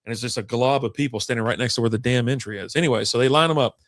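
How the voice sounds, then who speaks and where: A man's voice: medium pitch, racing, no room sound, studio quality. A man co-hosting a casual chat, telling a long story in a rambling, profane way and acting out what people said. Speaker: podcast co-host.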